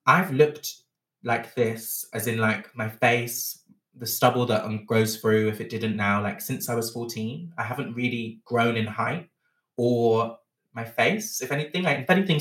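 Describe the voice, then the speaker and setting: A man's voice: mid-range voice, normal speed. Guy in his 20s, candid storytelling, laughs at himself, sounds kinda far off in an echoey room. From Bristol, England. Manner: frank, animated, self-mocking. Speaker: podcast guest.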